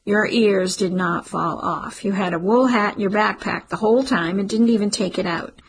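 A woman voicing a nervous, husky-voiced mother. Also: mid-range voice, moderate pace, low-quality recording. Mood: defensive.

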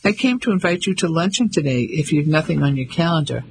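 A man voicing an older English gentleman who is courteous, with a smooth, educated manner. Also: fairly high pitch, expressive, quick pace, a little hiss or hum, poor audio.

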